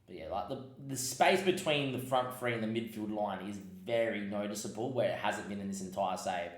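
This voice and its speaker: A man's voice: lowish voice, a little fast, roomy sound. Frustrated man commenting on football game. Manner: swings between muttered asides and sudden frustrated outbursts. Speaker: gaming podcast host.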